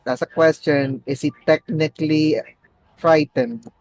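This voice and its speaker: A man's voice: unhurried, no echo, rough recording. A man playing in a tabletop game, chatting casually and playfully about his character's plans. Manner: playful, jumps high when excited. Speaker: player.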